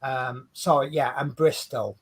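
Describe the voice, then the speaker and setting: A man's voice: mid-range voice, fairly even intonation, a little slow, husky. A man, co-hosting a craft livestream in rambling, chatty talk and laughing at his own stories. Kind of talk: casual chat. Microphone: video call stream.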